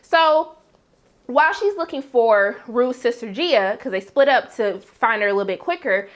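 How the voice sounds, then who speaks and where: A woman reviewing a TV episode in a casual recap, telling it with animated, dramatic reactions and slangy talk. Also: fairly high pitch, moderate pace. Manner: slangy, conversational. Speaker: TV series reviewer.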